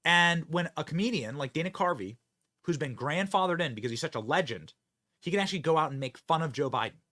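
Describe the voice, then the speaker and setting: A man hosting political commentary, who talks in an energetic, emphatic, projecting way. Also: on the high side, fast. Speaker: host.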